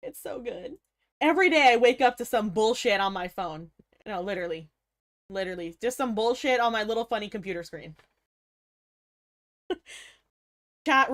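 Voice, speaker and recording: Young woman streamer, lively, sweary, playfully indignant, a touch high-voiced. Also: normal speed, long pauses. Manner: animated, swears a lot, mock-outraged, laughs often. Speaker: livestreamer chatting with viewers. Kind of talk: casual stream chat.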